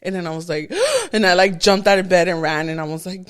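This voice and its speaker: A young woman co-hosting a podcast, telling stories in casual chat, animated and often laughing. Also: lowish voice, fairly quick, a little hiss or hum. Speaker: podcast co-host.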